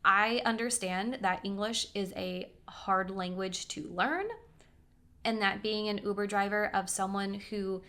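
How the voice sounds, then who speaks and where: A young woman chats straight to camera with a bright, clear voice. She tells personal stories in an animated way. She keeps breaking off for asides and acts out what people said. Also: mid-range voice, measured pace. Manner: chatty, animated storytelling with quoted voices and asides. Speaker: vlogger. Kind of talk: casual storytelling.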